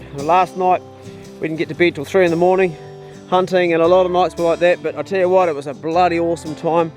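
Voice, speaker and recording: A middle-aged man from New Zealand with a New Zealand accent, chatting casually in a travel vlog outdoors on his farm. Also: high-pitched. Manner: easygoing, chatty, talks to his dogs. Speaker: vlogger.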